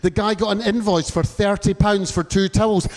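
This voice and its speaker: A man appearing in character as a comedy guest on a live talk show, animated and giggly. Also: high-pitched, normal speed. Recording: live venue with long reverb.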